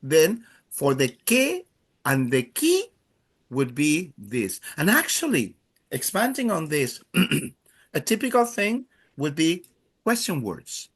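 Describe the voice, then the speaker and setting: A man teaching a beginner Spanish class, explaining patiently and slowly with frequent hesitations. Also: on the high side, huge pitch swings, breathy edge. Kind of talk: classroom language lesson.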